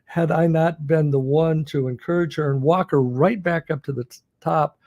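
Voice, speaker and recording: A man's voice: a little high, normal speed, darkish tone, no room sound, muffled recording. A man co-hosting a podcast, telling a story in a casual chat and chuckling often. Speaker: podcast co-host.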